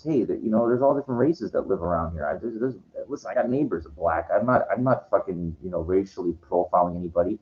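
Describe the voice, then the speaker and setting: A man talking in a meandering, profane vlog monologue, full of "you know" and "like". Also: on the low side. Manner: meandering, profane, heavy with fillers. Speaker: vlogger. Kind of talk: rambling monologue. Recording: dull lo-fi sound.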